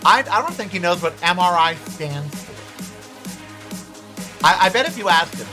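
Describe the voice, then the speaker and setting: A man's voice: sits high, expressive, moderate pace, music in the background. A man hosting his own show, giving blunt, sarcastic political commentary and swearing freely. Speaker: podcast host.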